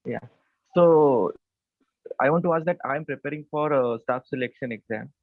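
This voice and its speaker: A man's voice: medium pitch, no echo. A man asking his teacher a question on a video call, speaking hesitantly. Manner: hesitant, halting. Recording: tinny phone-like call line.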